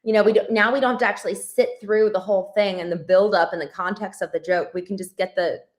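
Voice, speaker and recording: A woman's voice: medium pitch, fairly even intonation, fast. A woman hosting a live spiritual study stream, reflecting and greeting viewers from the chat in a casual, rambling way. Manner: warm greetings to viewers, frequent ums and restarts.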